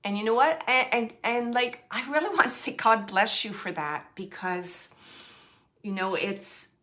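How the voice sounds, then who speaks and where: A woman working as a medium, giving a gentle spirit reading to a sitter, halting and searching as she relays messages, with many fillers and restarts. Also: a little high. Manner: gentle and reassuring. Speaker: psychic medium.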